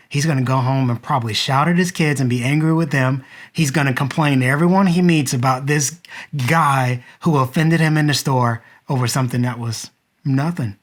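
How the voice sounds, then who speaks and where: Man in his 30s, vlogger and dad, earnest reflective storytelling straight to camera. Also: mid-range voice. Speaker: vlogger and father.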